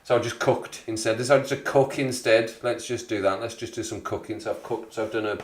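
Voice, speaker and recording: A man's voice: mid-range voice, steady tone, a little fast, slight background noise. A man in his forties hosting a casual live stream, rambling and chuckling as he greets viewers in the chat. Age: 40s. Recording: echoey room.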